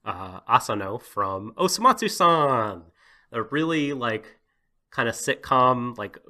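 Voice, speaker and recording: A man's voice: medium pitch, expressive, slow, bright, forceful tone. A man co-hosting a podcast, talking casually in a rambling way with lots of "like" and "you know" and frequent laughter. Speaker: podcast co-host.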